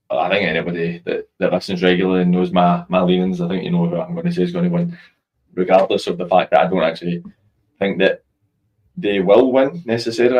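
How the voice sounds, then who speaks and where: Deep-voiced Scottish football host. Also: male voice, a little mellow, poor audio. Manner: frank, loosely conversational. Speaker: show host. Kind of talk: casual chat.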